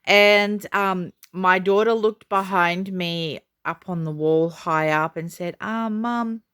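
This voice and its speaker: Chatty woman vlogger, slightly low voice. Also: takes it slowly, clean tone. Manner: chatty and excitable, many fillers. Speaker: doll collector vlogger. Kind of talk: casual storytelling to camera.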